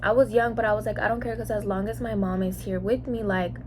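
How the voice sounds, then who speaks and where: A woman's voice: medium pitch, steady tone, quick pace, a little mellow, a little hiss or hum. Chatty young woman telling her story. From Mexico. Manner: chatty, many "like"s, acts out quoted lines. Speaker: mukbang vlogger. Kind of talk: casual storytime monologue.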